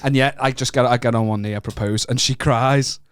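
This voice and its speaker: A man's voice: mid-range voice, fairly even intonation, fairly quick, clean tone, dry recording, clean studio sound. A young northern English man co-hosting a comedy podcast, telling a story in a loose, sweary, self-mocking way. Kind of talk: casual chat.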